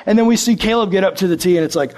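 Young man, high voice, casual sermon, animated storytelling, acts out quotes. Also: very fast.

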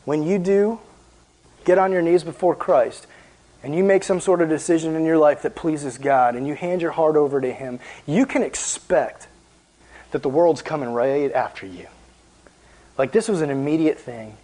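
A man preaching as a youth pastor in a casual, animated, conversational way, with lots of filler words. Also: on the high side, normal speed, poor audio. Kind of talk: casual sermon.

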